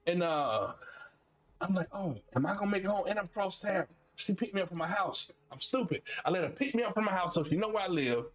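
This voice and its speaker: High-pitched guy in his 40s from florida, streamer swapping stories, laughing a lot, goes way up when excited then drops low. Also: fairly quick. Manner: animated, laughing, swings between high excited and low asides. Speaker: streamer and host. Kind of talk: casual storytelling chat.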